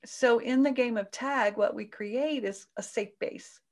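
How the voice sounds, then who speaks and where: A woman talking as a parenting coach in an interview. Her delivery is gentle and soothing, with an explaining tone. When she acts out quoted voices, her pitch jumps up sharply. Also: measured pace.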